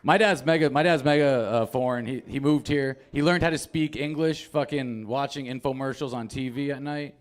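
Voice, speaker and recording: A young man telling stand-up stories in a loose, profane, offhand way. He sits at an ordinary middle pitch, chatting as if to friends. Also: normal speed, few pauses. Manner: casual, profane, storytelling. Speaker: stand-up comedian. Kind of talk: stand-up comedy set.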